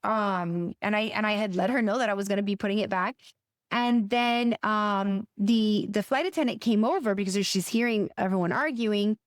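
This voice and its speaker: A woman's voice: medium pitch, normal speed, no echo, clean studio sound. A middle-aged woman co-hosting a podcast, telling a story in a casual, hesitant way with many restarts and fillers. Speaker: podcast co-host.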